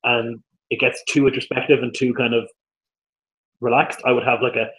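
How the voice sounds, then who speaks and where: A man's voice: mid-range voice, level tone, normal speed, a bit bright, poor audio. A man co-hosting a casual live-stream chat, laid-back, laughing often and swearing casually. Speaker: co-host.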